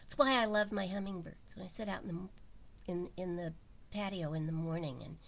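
A woman giving an informal spiritual talk, speaking slowly and musing aloud, often sinking to a near whisper. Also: on the low side, vocal fry, slight background noise. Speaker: spiritual teacher.

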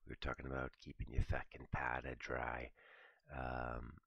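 A man's voice: completely flat delivery, moderate pace, a bit bright, dry recording. A man giving a casual, profane morning talk on trading, thinking aloud as he walks through his trades. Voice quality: gravelly, very low voice. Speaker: trading commentator. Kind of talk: morning market commentary.

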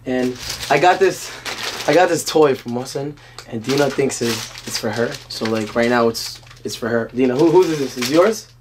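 A man in his twenties talking casually to his vlog viewers from home, energetic and playful with lots of fillers. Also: medium pitch, normal speed, background noise. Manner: energetic, playful, talks in bursts with many fillers. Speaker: vlogger. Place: family home indoors.

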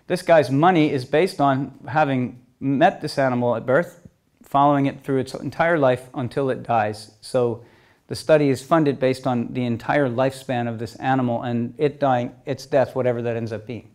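A middle-aged man telling a story at a talk, lively, moving between loud and soft passages. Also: mid-range voice, moderate pace. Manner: lively storyteller, swings loud and soft, acts out quoted voices. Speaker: speaker telling stories at a talk.

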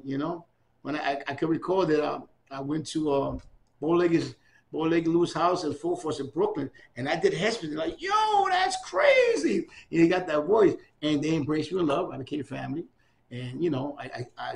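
There's a little hiss or hum as an older New York City man speaks fairly quickly in a slightly high voice with vocal fry. In this oral history interview he tells stories animatedly, mimicking the voices of those he quotes.

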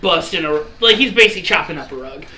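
A man's voice: on the high side, lively intonation, fast, sharp tone. A man narrating a tabletop game as game master, loose and rambling with many fillers. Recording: echoey room with faint noise.

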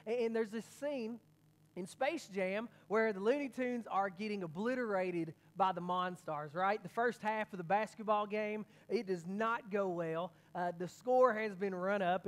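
A man preaching a sermon as pastor, telling a story with energy and many quick restarts. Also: sits high.

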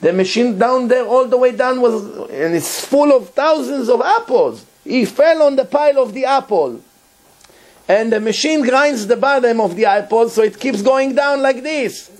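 Rabbi lecturing, fairly high voice, gets animated and repeats stuff. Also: male voice, normal speed. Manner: animated, emphatic storyteller, repeats words. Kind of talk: storytelling Torah lecture.

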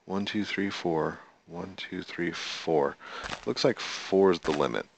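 Low, gravelly man, unhurried let's-play host who mutters to himself while playing. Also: slight background noise. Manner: chatty, talks to himself and counts aloud; talks to the in-game animals. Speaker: gameplay video host. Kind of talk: casual gameplay commentary.

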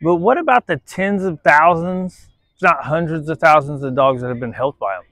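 A fairly high-voiced man trains a dog at an outdoor jungle gym and explains each step to the camera as he goes. He is blunt, swears freely and keeps checking in with "right?", then turns to the dog with a much higher, coaxing tone. The sound is close and dry, with almost no room around it. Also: moderate pace, fairly bright tone, dry recording. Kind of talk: casual on-the-spot training commentary.

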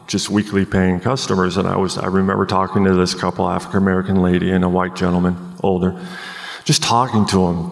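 A man in his forties earnestly telling his life story as a podcast guest, halting with many ums, recorded live at a conference. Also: deep voice, creaky, big-room sound.

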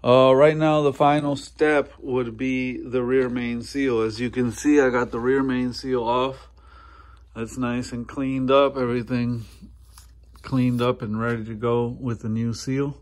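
In a garage workshop, a mechanic walks through an engine swap, narrating casually with plenty of ums and uhs. His voice is mid-range, his tone level, and his pace measured.

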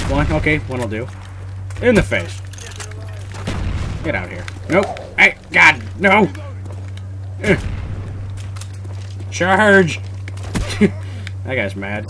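A young man giving live commentary on his own gameplay, muttering one moment and yelling curses the next. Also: mid-range voice, a little hiss or hum. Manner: swings from muttering to loud swearing rage. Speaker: gamer recording his match.

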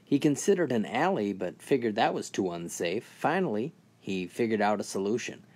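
A man telling a string of crude jokes in a steady, scripted narration voice. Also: lowish voice, moderate pace. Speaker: joke teller.

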